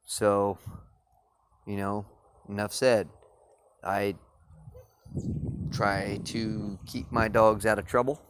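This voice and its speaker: A man's voice: lowish voice, a bit bright, slight background noise. A man giving a rambling, profane, laid-back vlog tour of his dog kennels outdoors, filmed on a phone. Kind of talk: casual vlog walkthrough. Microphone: phone held while walking.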